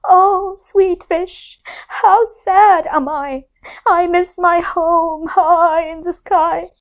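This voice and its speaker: Storybook moon girl, sad and lost, sings her lines high and slow; woman reader doing the voice.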